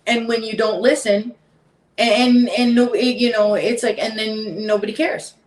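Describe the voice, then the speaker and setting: A woman's voice: on the high side, fairly even intonation, moderate pace. A woman talking as a guest on a podcast, emphatic and heated, repeating her points. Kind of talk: casual podcast chat. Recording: echoey room, distant from mic.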